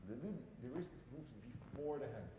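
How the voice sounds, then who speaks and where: Man, piano teacher, animated pitch, long hall reverb, encouraging masterclass coaching. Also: fairly quick, slight background noise. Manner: encouraging, repeats "bravo", non-native phrasing. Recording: echoey hall with loud piano.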